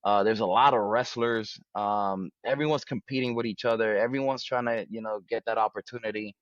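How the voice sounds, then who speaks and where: A man's voice: on the low side, steady tone, brisk, no room sound, lo-fi sound. A man as an interview guest, talking casually with many restarts and fillers.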